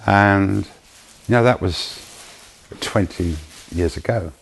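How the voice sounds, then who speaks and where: A man with a very low voice tells a personal testimony, slow and tender as he recalls people he met. A faint hiss of noise sits under his voice. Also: gravelly, rough recording. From United Kingdom. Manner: emotional storytelling, slow and tender. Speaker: charity founder giving testimony.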